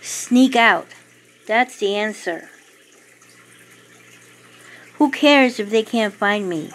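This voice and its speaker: A woman voicing a wry, spirited elderly woman made young again, in a slowly read story. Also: mid-range voice, expressive. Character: elderly woman suddenly young, bored, bold.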